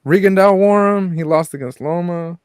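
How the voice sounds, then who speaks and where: A man's voice: high-pitched, normal speed, clear, resonant tone, dry recording, clean studio sound. A man co-hosting a casual boxing talk show, telling stories bluntly and with swearing. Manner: blunt, profane storytelling. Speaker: podcast co-host.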